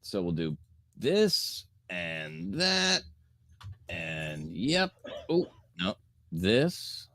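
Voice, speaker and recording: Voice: sits low, very animated, drawn-out words, pauses often, a bit bright, dry recording, studio quality. A podcast co-host in casual chat, laid-back while fiddling with the stream setup.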